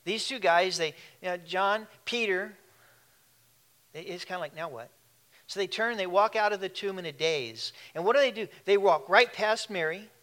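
A man's voice: sits high, normal speed, fairly bright tone. A man preaching a sermon in a conversational way, with asides and questions to the congregation. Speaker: pastor.

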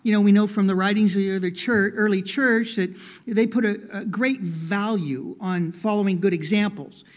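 Man, high-pitched voice, pastor, folksy sermon, hushed-to-emphatic delivery. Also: fairly even intonation, normal speed. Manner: folksy, many "you know" fillers, swings from hushed to emphatic. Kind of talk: sermon with storytelling.

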